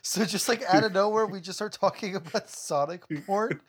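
A man's voice: sits high, moderate pace, fairly bright tone. A man co-hosting a podcast, giggly and crude in casual chat. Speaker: podcast co-host.

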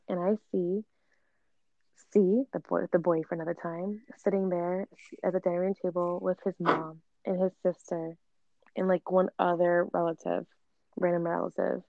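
A young woman casually telling a personal story, animated and full of filler words. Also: on the low side, moderate pace, vocal fry, no echo. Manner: animated, frequent "like" fillers, acts out quoted dialogue. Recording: dull lo-fi recording.

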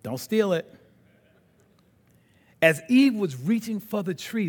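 A man preaching a sermon with animated, fervent storytelling, then leading a prayer. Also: on the high side, a little slow, in a large hall. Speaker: pastor.

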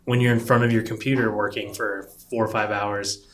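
A man co-hosting a casual talk show about design work, rambling and relaxed with lots of fillers. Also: on the low side, brisk. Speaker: podcast co-host, designer. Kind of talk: casual chat.

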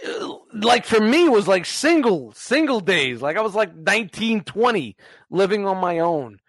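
A man's voice: sits high, sing-song, moderate pace, dry recording. A man in his forties chatting casually, telling stories animatedly with laughs and swearing. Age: 40s. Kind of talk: casual chat.

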